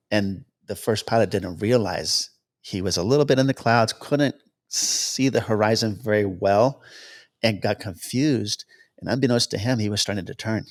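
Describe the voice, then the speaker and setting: A man with a lowish voice tells stories as a podcast guest, plainly and casually. He slips into the voices of the people he quotes, jumping higher in pitch to play them out. It sounds like easygoing chat rather than a prepared talk. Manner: anecdotal, acts out quoted dialogue with lively pitch jumps. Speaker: guest, helicopter cameraman. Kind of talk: casual storytelling interview.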